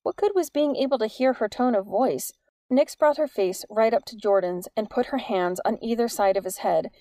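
A woman reading an audiobook in an even, measured storytelling manner. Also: mid-range voice, no echo. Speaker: audiobook narrator. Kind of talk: scripted narration.

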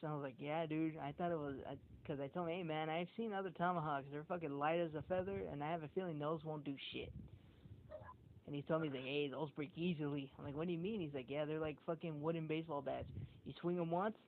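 A man in casual podcast chat, telling rambling, profane stories and acting out what people said. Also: a little high. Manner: profane, rambling storyteller who acts out quotes. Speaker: podcast co-host. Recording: tinny phone-like audio with faint noise.

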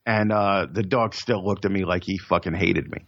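A man's voice: low voice, fairly even intonation, normal speed, a bit bright, no echo, muffled recording. A man telling stories in casual chat, profane and rambling, with stammered restarts.

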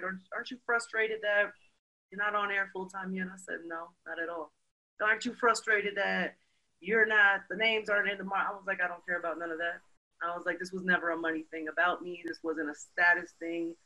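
Bright-voiced Brooklyn storyteller woman. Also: lowish voice, low-quality recording. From Brooklyn, New York. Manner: lively storyteller, many "you know"s. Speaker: guest. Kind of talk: casual interview storytelling.

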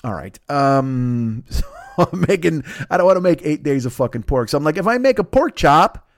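A man's voice: a little high, sing-song, fast, gravelly, no echo, clean studio sound. A man hosting a podcast, telling a rambling, profane, self-mocking story in casual chat, with bursts of laughter. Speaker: podcast host. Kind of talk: casual comedic monologue.

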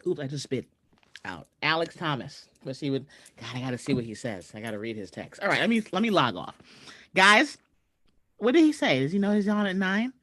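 A chatty woman comedian hosts her live stream and talks straight to her viewers. Her pitch leaps around as she talks, and the sound is dry and close on a webcam. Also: sing-song, fairly quick, a bit bright, no echo. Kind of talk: casual live-stream chat. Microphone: webcam video call.

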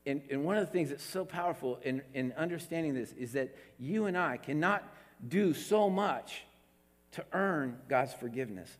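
A man preaching a sermon as a pastor, emphatic, repeating words and swinging between raised and hushed delivery. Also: fairly high pitch, expressive, normal speed, long reverb tail.

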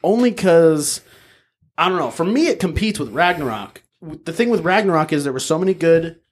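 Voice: medium pitch, expressive, brisk. A podcast co-host giving a frank, jokey, swear-heavy film review in casual chat.

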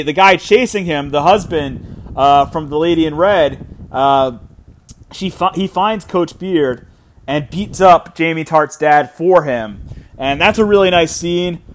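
A man hosting a solo podcast, talking casually and rambling with fillers and restarts. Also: on the high side. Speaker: podcast host. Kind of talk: solo podcast episode recap.

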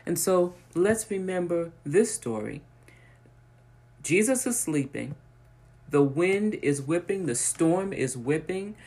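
A preacher giving a sermon, pressing points through repetition and pausing to restart thoughts. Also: medium pitch, lively intonation, a little mellow. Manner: emphatic, repetitive preaching with rising intensity; hesitant restarts between points.

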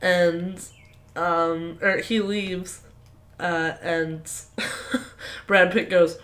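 A woman's voice: fairly low pitch, steady tone, very slow, a bit bright. Giggly woman chatting on a podcast. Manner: giggly, acts out quotes in silly voices. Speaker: podcast co-host. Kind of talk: casual movie podcast chat.

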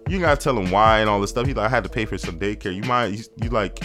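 A man, talking casually as a podcast co-host, blunt and animated, swearing freely and acting out quoted lines. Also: lowish voice, quick pace, soft background music. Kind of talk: casual chat.

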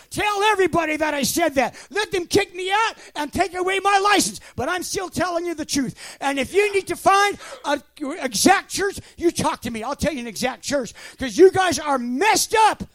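Man in his sixties, fervent shouting preacher; very high voice, dry close sound. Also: expressive, moderate pace, hardly any pauses, dry recording. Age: 60s. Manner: shouting, fervent, with sudden loud bursts and laughs. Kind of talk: sermon.

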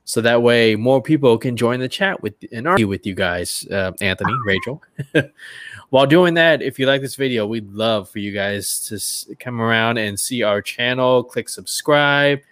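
A man's voice: medium pitch, animated, normal speed, a bit bright, no room sound. A young man co-hosting a podcast, easygoing and joking as he does the channel plug. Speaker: podcast co-host. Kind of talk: casual chat, channel plug.

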